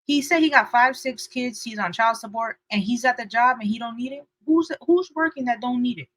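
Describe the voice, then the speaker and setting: Bright-voiced young woman telling a lively story. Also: brisk, no echo, rough recording. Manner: lively, acts out quotes with shifting pitch and loudness. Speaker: podcast co-host. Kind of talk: animated storytelling chat.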